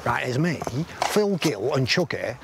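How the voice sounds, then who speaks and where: An actor in a film drama plays a blunt, middle-aged army veteran who swears constantly and rambles through grim war stories, asking "right?" as he goes. His mid-range voice is very animated, measured, and creaky, set against heavy background noise.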